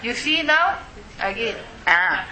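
A woman teaching a Quran recitation class, slow and patient, repeating words for her students to echo. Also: fairly high pitch, big pitch swings, pushed and bright.

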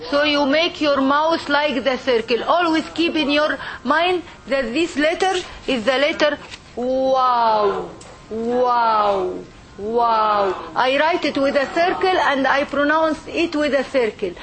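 A woman's voice: sits high, a little slow, few pauses, a crowd in the background. A woman teacher leading a classroom lesson, patiently modelling sounds and checking in with "okay?". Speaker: language teacher. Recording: classroom with group of students.

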